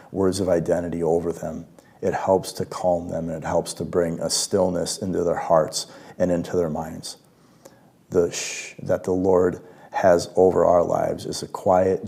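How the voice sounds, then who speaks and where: Man, deep voice, mellow tone, gentle reflective devotional talk. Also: creaky. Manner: gentle, reflective, with hushed quiet passages. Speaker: worship leader giving a devotional.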